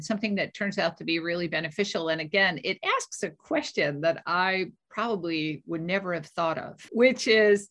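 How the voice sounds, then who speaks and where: A woman co-hosting a weekly medical news podcast, explaining research findings in a measured, thoughtful way. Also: medium pitch, a bit bright. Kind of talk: conversational medical news review.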